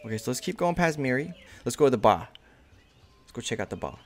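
A man casually commentating his own game playthrough, excited, slangy, and swearing freely. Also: mid-range voice, fast talker. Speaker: gamer. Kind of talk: casual let's play commentary.

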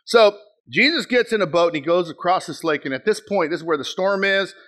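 A middle-aged male pastor preaching a sermon, telling stories with sudden shouted bursts and acted-out quotes. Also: sits high, brisk. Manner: animated storytelling, bursts into shouts, acts out quotes.

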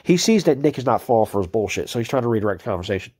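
Exasperated, sarcastic man with a mellow voice. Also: mid-range voice, very animated, rapid-fire, husky. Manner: exasperated, sarcastic, swears a lot. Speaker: commentator reading out a chat exchange. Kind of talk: ranting commentary video.

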